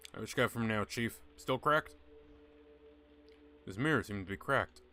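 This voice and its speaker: A man's voice: lowish voice, moderate pace, bright, forceful tone, a little hiss or hum. A man giving rambling, offhand let's-play commentary as a game streamer, swearing freely.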